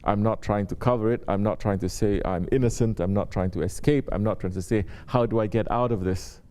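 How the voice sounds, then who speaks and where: A man with a mellow voice on the low side talks a little fast. He gives a spiritual talk as a Sufi teacher to his students, restating his points and frequently checking in with the room through quick rhetorical questions.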